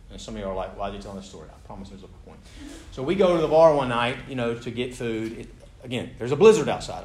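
An American man tells a story during a sermon talk. He speaks animatedly and pokes fun at himself. His mid-pitched voice carries through a roomy hall with faint background noise. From United States. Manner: animated, self-deprecating humor. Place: room with a live audience.

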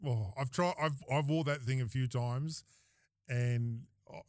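An Australian man hosting a podcast, telling a story in a casual, animated way, often laughing and acting out what people said. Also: mid-range voice, a little slow, dry recording, studio quality. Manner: animated, laughing storyteller who acts out quoted lines. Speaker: podcast host.

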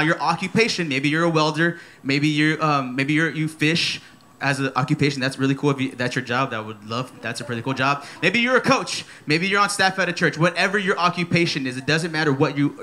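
Thirtysomething guy preaching at church, high voice, bright tone, playful, keeps repeating his main points. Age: 30s. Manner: energetic, playful, repeats key phrases. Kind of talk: sermon. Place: church service.

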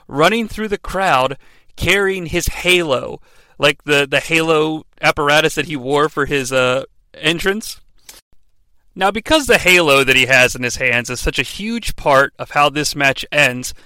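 Man, comedy recap host, wry asides, bright, tense tone. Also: a little high, clear, resonant tone, no echo. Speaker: podcast host recapping wrestling.

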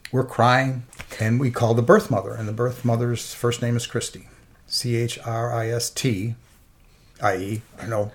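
A middle-aged man, an interview guest, giving an earnest and emotional personal faith testimony. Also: medium pitch.

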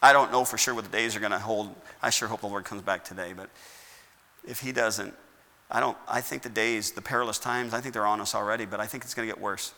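Bright-voiced preaching pastor in a church. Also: male voice, fairly low pitch, steady tone, fast talker. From United States. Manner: preaching with rhetorical questions, rising to emphatic bursts. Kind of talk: sermon. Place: church sanctuary. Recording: long church hall reverb.

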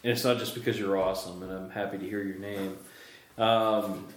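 Male podcast host, lively and jokey, recorded in an echoey room. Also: deep voice, fairly quick. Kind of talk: casual chat. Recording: roomy echo.

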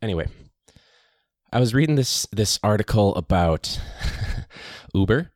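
Deep-voiced chatty male podcast host. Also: animated, unhurried, no echo, clean studio sound. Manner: chatty, rambling, many fillers. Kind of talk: casual podcast monologue.

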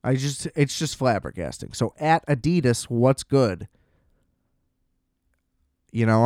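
A man's voice: mid-range voice, lively intonation, slow, pauses often, a little mellow, no echo, clean studio sound. A young man ranting in a casual, exasperated and profane monologue as a podcast host.

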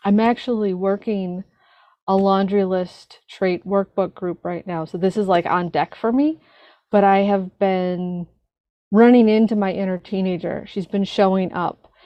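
A woman sharing personal feelings at a recovery meeting, earnest and halting as she searches for words. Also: medium pitch, steady tone, no echo, highs cut off. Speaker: recovery group speaker.

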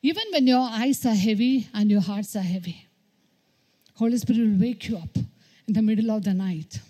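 Woman preaching, mellow voice. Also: mid-range voice, moderate pace. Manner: repetitive exhortation, frequent hallelujahs. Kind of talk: sermon.

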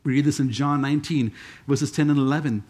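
A man's voice: medium pitch, fairly even intonation, a little fast, a little mellow. A man preaching a sermon in a conversational way, with joking asides.

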